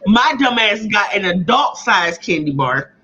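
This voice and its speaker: A woman co-hosting a casual chat, telling a story in a profane, animated way with a lot of laughing. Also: mid-range voice, a little slow. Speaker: podcast co-host. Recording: slightly muffled audio.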